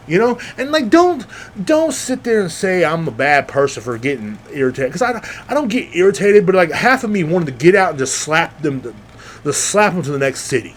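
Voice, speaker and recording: A man's voice: sits high, brisk, slight background noise. A young man hosting a podcast, rambling casually and acting out the people he talks about. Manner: rambling, animated, acts out quoted people. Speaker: podcast host. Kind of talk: casual monologue.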